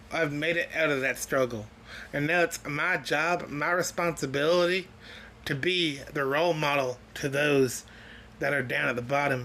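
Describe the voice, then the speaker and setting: Excited man hosting a music reaction. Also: on the high side, slight background noise. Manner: excited and earnest, chatty storytelling. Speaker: music reaction channel host. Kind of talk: casual reaction commentary.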